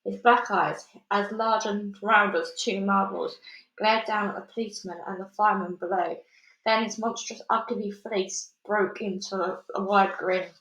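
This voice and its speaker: A woman reading a children's book aloud chapter by chapter, steady with small slips and restarts. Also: mid-range voice, normal speed. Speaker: storybook reader. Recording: echoey room.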